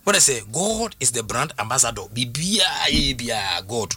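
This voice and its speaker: A man's voice: medium pitch, moderate pace, breathy edge. A middle-aged man with a Ghanaian accent, chatting and telling stories, often asking "what I say?" as he goes. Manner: animated storyteller, often asks "what I say?". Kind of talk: casual talk mixing Twi and English.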